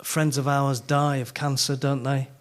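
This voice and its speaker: A middle-aged man with a Yorkshire accent preaches at a conference. He is an animated storyteller who pokes fun at himself, and his voice sits at an ordinary middle pitch. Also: unhurried. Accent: Yorkshire English. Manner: animated, self-mocking storyteller. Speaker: conference speaker. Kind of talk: sermon with humorous stories.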